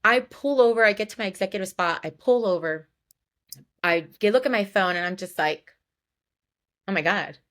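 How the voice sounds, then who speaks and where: Woman podcaster spilling a personal story, lots of like and you know, middle pitch. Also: a little fast, a bit bright. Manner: chatty, frequent "like" and "you know" fillers; candid and emotional. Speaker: podcast host.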